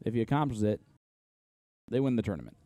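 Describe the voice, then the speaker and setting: A man's voice: lowish voice, sing-song, quick pace, warm tone, no room sound. A man from Indiana with an Indiana accent giving casual, analytical play-by-play commentary on a live darts match.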